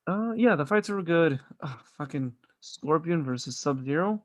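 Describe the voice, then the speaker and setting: A man's voice: a little high, expressive, normal speed, no room sound. Enthusiastic, swearing man reviewing a movie. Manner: enthusiastic, swears often, loose rambling. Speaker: podcast co-host. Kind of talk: casual movie review chat.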